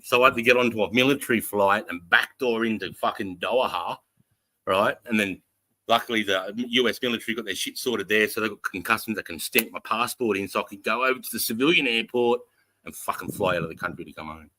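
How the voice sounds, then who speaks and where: An Australian man, a podcast host, telling a profane, animated story in a casual chat, acting out the voices of the people in it. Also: fairly low pitch, a little fast, a little hiss or hum, poor audio.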